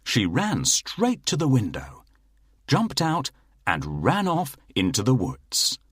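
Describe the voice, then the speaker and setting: Guy reading a kids fairy tale, slow and super expressive, a bit husky. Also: mid-range voice, dry recording, studio quality. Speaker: narrator. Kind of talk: scripted storybook narration.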